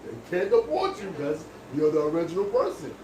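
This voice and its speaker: A man's voice: on the high side, sing-song, brisk, darkish tone, recorded from a distance. A man talking casually while he works as a barber, speaking in an emphatic, lecturing monologue. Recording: echoey room with background noise.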